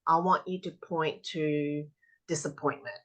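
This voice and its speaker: A woman's voice: deep voice, steady tone, unhurried, fairly bright tone. A woman tapping practitioner, a podcast guest, telling stories animatedly and acting out children's replies in conversation. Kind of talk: conversational explanation.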